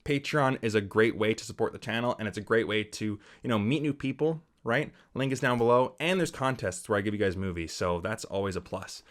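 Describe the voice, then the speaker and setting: A young man, a film critic, talking casually to his viewers, acting out comments in a lively way. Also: brisk, hardly any pauses. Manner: animated, acts out quoted comments with big pitch jumps. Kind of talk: casual talk to camera.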